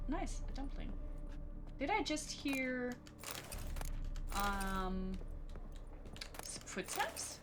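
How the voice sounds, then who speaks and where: A woman streamer giving chatty, animated live commentary on a horror game. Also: fairly high pitch, drawn-out words, pauses often, music in the background. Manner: chatty and animated, reacting out loud.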